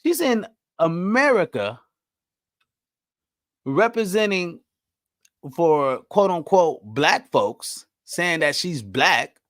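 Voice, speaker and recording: A man's voice: on the high side, sing-song, slow, pauses often, fairly bright tone, dry recording, studio quality. A man hosting his own podcast, delivering a heated, profane monologue full of rhetorical questions, often checking in with "right?" and "you know what I mean?". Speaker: podcast host.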